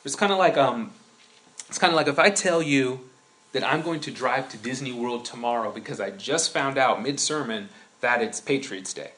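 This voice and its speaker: A man preaching a sermon in a conversational way, building into animated storytelling. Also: mid-range voice, moderate pace. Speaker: pastor.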